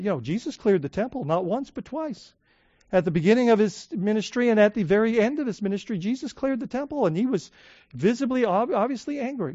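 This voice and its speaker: Guy preaching a sermon kinda chatty, lotta restarts and "right?", goes loud then drops quiet, voice a bit high, dry and kinda muffled. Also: dry recording. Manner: conversational preaching with many restarts and "right?" asides; swings from loud emphatic to soft and low. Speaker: pastor.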